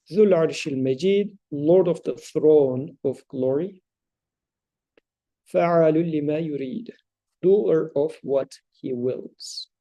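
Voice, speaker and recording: A man leading a study circle, explaining scripture thoughtfully with halting pauses and fillers, and chanting verses in between. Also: medium pitch, mellow.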